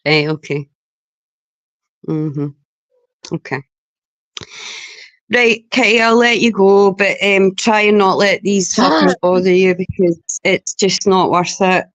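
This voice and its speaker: A woman's voice: medium pitch, slow, pauses often, no echo. A Scottish woman on a livestream panel, talking bluntly and swearing heavily. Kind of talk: heated livestream chat.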